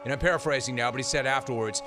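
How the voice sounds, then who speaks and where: Guy hosting sports talk radio, riffy and emphatic, studio mic, regular pitch. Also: rapid-fire, over music. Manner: animated, riffing, emphatic.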